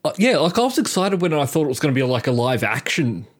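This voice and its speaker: Husky man, lively pitch. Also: fast talker. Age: 40s. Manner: blunt, dismissive. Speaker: podcast co-host. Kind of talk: casual banter.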